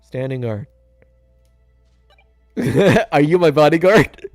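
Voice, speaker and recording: A young man giving jokey commentary over a video game playthrough, talking to his characters with big swings in pitch. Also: expressive, slow, darkish tone, dry recording, studio quality, soft background music. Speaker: gaming YouTuber.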